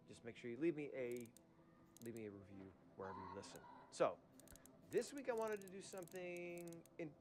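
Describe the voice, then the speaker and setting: A man hosting his own podcast, talking in a rambling, chatty way with lots of asides while he is losing his voice. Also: mid-range voice. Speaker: podcast host. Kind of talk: casual podcast monologue.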